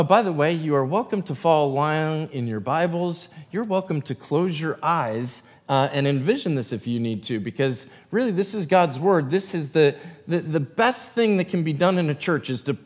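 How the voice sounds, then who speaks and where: A man's voice: a little high, breathy edge. Man preaching in a reverberant church. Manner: reads scripture aloud with brief asides. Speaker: pastor. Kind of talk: sermon with scripture reading. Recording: long hall reverb.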